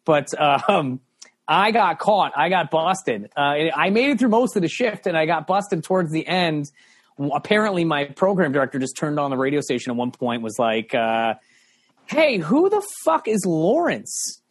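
A man's voice: a little high, normal speed. A man hosting a podcast, telling casual stories in a loose, profane way. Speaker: podcast host, former radio DJ. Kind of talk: casual storytelling chat.

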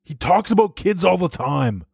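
A man's voice: high voice, big pitch swings, normal speed, creaky, a little mellow, breathy edge, dry recording, clean studio sound, heavily acted. A man playing a sulky teenage boy who pleads with his mother in a comedy sketch, with a whiny, begging manner. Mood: pleading. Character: sulky teenage son, a young slasher.

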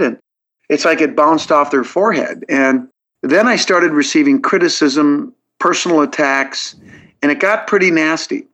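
A man's voice: fairly high pitch, normal speed, fairly bright tone. Earnest man telling a story, lo-fi sound. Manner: logical, earnest storytelling with frequent restarts. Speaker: guest. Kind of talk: podcast interview. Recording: dull lo-fi audio.

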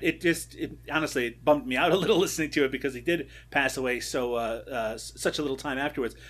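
A playful man co-hosting a movie podcast, his voice bright and sitting a bit high. He teases his partner and laughs often as he recaps the plot. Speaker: podcast co-host. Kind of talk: casual chat about a movie.

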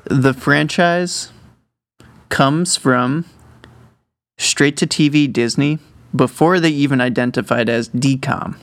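Gravelly-voiced laid-back man. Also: mid-range voice, slow pace, long pauses, fairly bright tone. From Minnesota. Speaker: podcast co-host. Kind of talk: casual chat.

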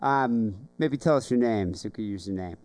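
A man co-hosting a podcast in casual chat, agreeable and quick to laugh. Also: lowish voice, a loud crowd. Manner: lively, agreeable, laughs often. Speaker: podcast host.

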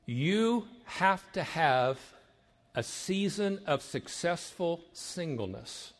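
An older man, a marriage counselor, gives an emphatic sermon-like talk to young people, building repeated phrases and sometimes dropping to a hush. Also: fairly high pitch, lively intonation, slow pace. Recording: long hall reverb.

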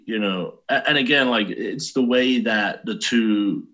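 A man's voice: on the low side, measured pace, pushed and bright, lo-fi sound. A British man co-hosting a casual film podcast, explaining his points with playful examples. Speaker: podcast co-host.

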